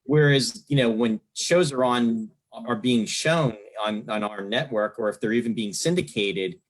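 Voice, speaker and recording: A man's voice: mid-range voice, measured pace, poor audio. A man in his fifties from New Jersey hosting an interview, talking in a rambling, enthusiastic way as a longtime fan, with lots of fillers. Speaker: podcast host. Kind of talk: casual interview chat.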